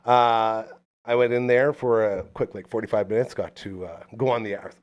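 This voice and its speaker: A man's voice: mid-range voice, moderate pace, muffled recording. A man hosting a casual talk podcast, telling stories in a chatty way and reading sponsor plugs playfully. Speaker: podcast host. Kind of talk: casual chat.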